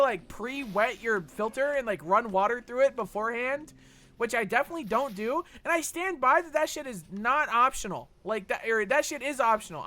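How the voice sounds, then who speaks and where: A man's voice: very high voice, bright, forceful tone. A young man streaming a game, chatting casually and reading chat with a rambling, sweary manner full of fillers.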